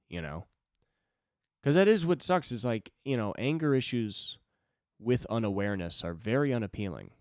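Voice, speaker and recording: A podcast host in his twenties speaks alone on his show in a rambling, profane, self-mocking monologue. His fairly low voice is clear and resonant, captured in clean studio sound with no room sound.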